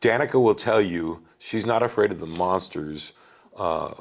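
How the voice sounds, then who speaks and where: A man telling family stories in a casual chat, animated, acting out his kids' lines and often calling the listener "bro.". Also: deep voice, moderate pace, gravelly. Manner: animated, swears, says "bro" a lot. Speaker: podcast guest. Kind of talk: casual storytelling.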